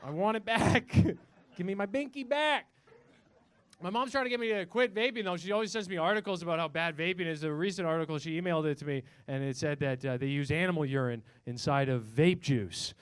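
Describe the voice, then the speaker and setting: High, clear-voiced young comedian man. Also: fast, few pauses, dry recording. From Canada. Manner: profane, rambling, frequent restarts. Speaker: stand-up comedian. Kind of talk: stand-up comedy set. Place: comedy club stage.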